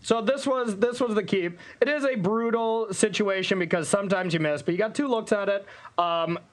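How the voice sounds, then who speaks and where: Chatty high-voiced North Dakotan man. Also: normal speed. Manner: chatty, joking, tells anecdotes. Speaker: commentator. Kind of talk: casual live-stream chat.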